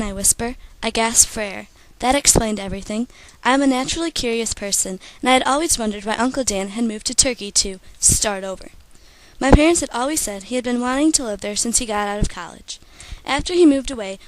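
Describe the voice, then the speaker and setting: Teenage girl reading her story, high-pitched. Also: rough recording. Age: teens. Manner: steady first-person storytelling. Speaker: student author.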